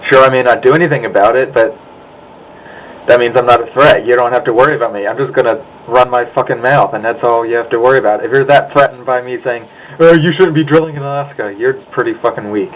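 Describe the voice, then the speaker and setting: A man's voice: medium pitch, fairly even intonation, fast, dull audio. A young American man in a profane, angry rant to his webcam, sighing and swearing as he complains. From United States. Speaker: vlogger. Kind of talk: ranting monologue.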